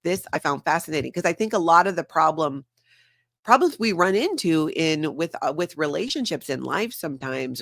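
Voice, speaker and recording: A woman's voice: deep voice, no echo. Brief: upbeat woman host, casual stream chat, dry close sound. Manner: bubbly, laughs often, reads chat aloud. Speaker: show host.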